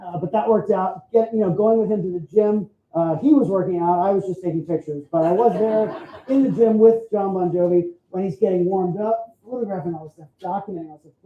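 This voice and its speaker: A man photographer giving a chatty storytelling talk at an expo, often adding "right?" to his points. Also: sits high. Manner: chatty, frequent "right?" tag questions. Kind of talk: storytelling presentation. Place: expo hall stage. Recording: roomy, dull sound.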